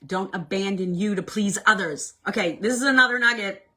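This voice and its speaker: Husky, forceful woman leading a workshop. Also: mid-range voice, brisk. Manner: animated, swings between loud and hushed. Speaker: self-help workshop leader. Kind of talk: casual motivational workshop talk.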